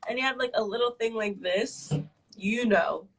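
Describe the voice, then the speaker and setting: A woman's voice: a little high, normal speed, gravelly, fairly bright tone, slight background noise, low-quality recording. A woman in her twenties on a live stream, telling a personal story in a casual, rambling way, full of fillers and swearing. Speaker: livestream guest.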